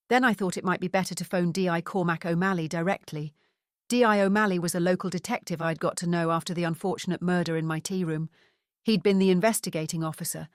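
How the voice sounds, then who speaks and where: A woman reading a first-person mystery audiobook in a steady, measured storytelling voice. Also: lowish voice, no echo, studio quality. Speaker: audiobook narrator.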